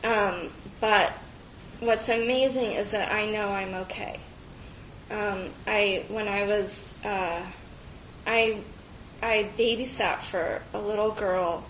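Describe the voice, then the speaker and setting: Slow, halting woman sharing at a meeting. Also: fairly even intonation, a bit bright. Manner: halting, with frequent fillers and restarts; laughs often between phrases. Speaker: recovery meeting speaker. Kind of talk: personal share at a recovery meeting. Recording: echoey, dull meeting-room recording with faint rumble.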